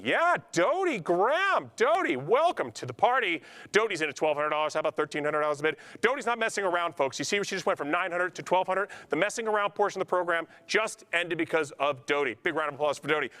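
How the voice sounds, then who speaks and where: A man's voice: fairly high pitch, fairly bright tone. A man running a charity auction, calling out bids and coaxing named bidders with nonstop talkative banter. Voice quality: talkative, gift of gab. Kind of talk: live charity auction patter.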